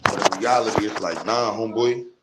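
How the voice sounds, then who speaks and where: A fired-up "New" man rants on his livestream, rambling heatedly in blunt street slang. His voice is lowish and fairly quick, and the audio is roomy with heavy background noise.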